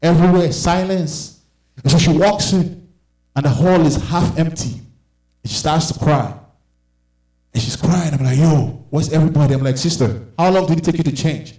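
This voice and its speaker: A young man telling stand-up comedy stories, animated and acting out the people in them. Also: a little high, normal speed. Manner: animated, acts out voices of people in his stories. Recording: roomy echo.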